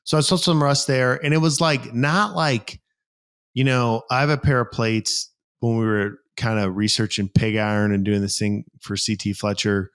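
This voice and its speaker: A man talks loosely on a podcast, circling back through his points with fillers and restarts. His voice sits at an ordinary middle pitch, and he explains things in a relaxed, conversational way. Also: moderate pace, clean tone. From United States. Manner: rambling, animated storytelling with acted quotes. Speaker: podcast co-host, gym equipment owner. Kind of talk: casual chat.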